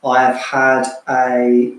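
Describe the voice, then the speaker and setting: A man's voice: mid-range voice, monotone, slow pace. Chatty man in a very echoey room. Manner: chatty, jokey, thanks viewers warmly by name. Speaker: co-host of a fragrance channel livestream. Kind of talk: casual livestream chat. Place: room at home.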